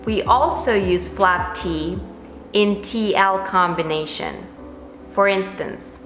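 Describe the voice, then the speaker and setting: Slow, careful woman teaching pronunciation. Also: mid-range voice, a bit bright, roomy sound, soft background music. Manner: slow, careful, repeats example words for drill. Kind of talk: pronunciation lesson.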